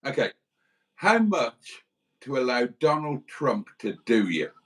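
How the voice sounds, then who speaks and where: Teasing British man, lively pitch. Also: slow pace. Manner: teasing, mischievous banter. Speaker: livestream host. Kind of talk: casual livestream banter.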